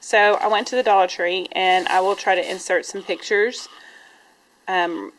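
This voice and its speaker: A woman's voice: mid-range voice, fairly even intonation, moderate pace, poor audio. A woman teacher, chatting casually in a classroom vlog, rambling with lots of "um"s and "y'all"s, a little sniffly. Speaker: primary teacher vlogger.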